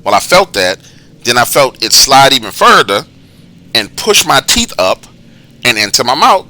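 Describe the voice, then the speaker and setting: A man's voice: mid-range voice, moderate pace. A man telling his own eerie encounter in casual, slangy, profane storytelling. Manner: profane, slangy, animated retelling.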